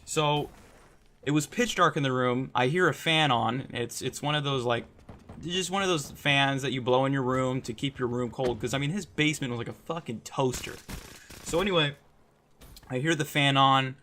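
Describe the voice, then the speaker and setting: A man's voice: mid-range voice, normal speed, pushed and bright, slight background noise. A young man casually telling a personal story, rambling and swearing a lot, with frequent "like" and "right?". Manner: rambling, profane, lots of "like" and "right?".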